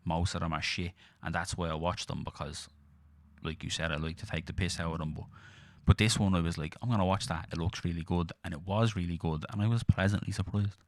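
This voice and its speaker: Deep-voiced man, crude podcast banter. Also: fairly even intonation, fairly quick, no room sound. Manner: crude, jokey banter with heavy swearing. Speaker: podcast co-host. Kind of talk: casual chat.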